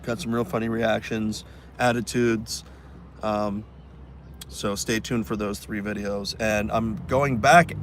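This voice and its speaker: A man hosting a live stream outdoors in a city, telling stories in a casual, animated way. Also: on the low side, slow pace, a little hiss or hum. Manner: animated, acts out fans' voices. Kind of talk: casual storytelling chat.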